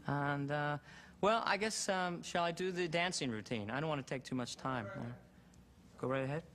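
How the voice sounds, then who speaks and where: A man's voice: fairly high pitch, normal speed, a bit bright, a little hiss or hum. A man, an auditioning comedian, chatting in a hesitant, self-deprecating way between bits. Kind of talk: audition patter.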